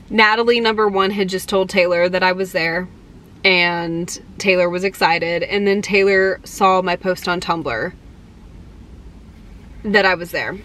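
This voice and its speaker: A young woman vlogger telling excited personal stories in a casual, chatty way, full of fillers. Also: on the low side, slow pace, long pauses. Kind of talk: casual storytelling to camera.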